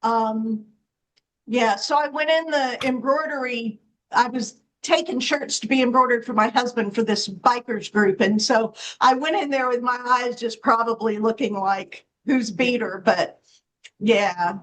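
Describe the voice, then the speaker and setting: A woman's voice: a little high, measured pace, fairly bright tone, poor audio. A woman mental health professional chatting frankly and emphatically on a casual livestream.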